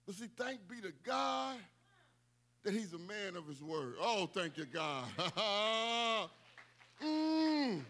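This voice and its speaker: Male preacher, high ringing voice, emphatic sermon delivery with casual humor. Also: very animated, takes it slowly. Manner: emphatic, repetitive call-outs, bursts of shouting.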